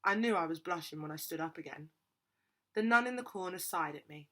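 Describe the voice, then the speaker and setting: A woman reading a children's novel aloud with steady, expressive narration. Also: on the low side, brisk. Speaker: reader.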